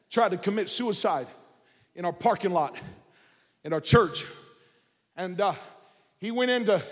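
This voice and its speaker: A man pastor preaching a sermon, building from casual storytelling into shouted and sung phrases. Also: sits high, big-room sound. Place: church sanctuary.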